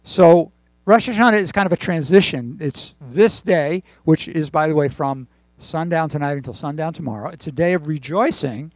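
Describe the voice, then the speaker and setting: A man leading a congregation, praying and then preaching conversationally with pauses and fillers. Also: fairly high pitch, dry recording. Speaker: congregation leader. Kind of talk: sermon with prayer and joke.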